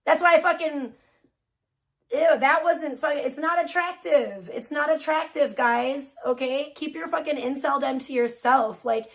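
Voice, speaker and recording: High-voiced woman ranting with profanity. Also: a little slow, creaky, fairly bright tone. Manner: profane, laughing, mocking. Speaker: livestreamer. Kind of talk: casual ranting livestream.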